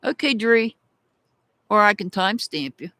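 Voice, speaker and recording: A woman's voice: medium pitch, expressive, normal speed, bright, forceful tone, no echo. A woman hosting a tarot live stream, chatting casually and calling out viewers by name as she thanks them.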